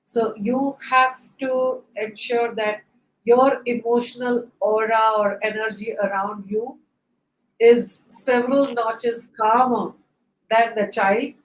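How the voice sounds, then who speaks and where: Slow, calm woman in an echoey room. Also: on the high side. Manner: calm, patient, pauses with fillers. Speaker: parenting expert on a webinar panel. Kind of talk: measured advice to parents. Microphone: video call.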